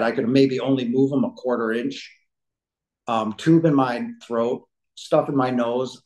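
A man's voice: mid-range voice, poor audio. A man in his fifties, a podcast guest telling a personal story at home, rambling and often saying "you know". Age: 50s. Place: living room couch at home.

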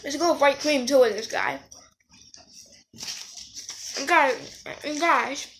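Chatty high-voiced woman eating on camera. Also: takes it slowly, creaky, fairly bright tone, a little hiss or hum. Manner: chatty, talks while eating, corrects herself. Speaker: vlogger. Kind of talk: casual eating vlog.

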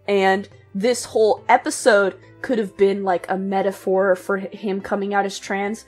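Husky-voiced woman podcast co-host. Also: mid-range voice, little pitch movement, normal speed, hardly any pauses, darkish tone, faint music behind. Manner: chatty, laughs often, lots of "like" fillers. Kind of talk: casual podcast discussion.

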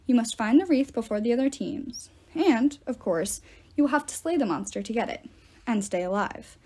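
A woman's voice: fairly high pitch, animated, moderate pace, darkish tone. A woman voicing a stern, gray-haired male swordsmaster who gives clipped, commanding orders.

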